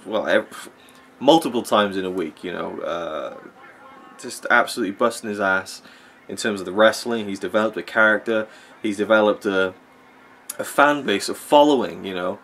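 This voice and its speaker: A man with a lowish voice rambles through opinionated wrestling commentary while he watches a match. He loses track of his points and circles back to them, filling his pauses with ums and you-knows. A faint hum of room ambience sits behind him. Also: a bit bright. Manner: rambling, opinionated, with frequent fillers. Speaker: wrestling vlogger.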